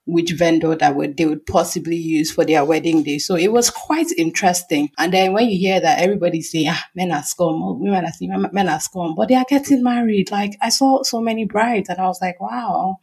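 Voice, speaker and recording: A woman's voice: fairly low pitch, slightly rough. A woman hosting a casual podcast chat with friends, talking in an affected accent and rambling with plenty of fillers. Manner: talks in an affected accent for the episode. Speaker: podcast host.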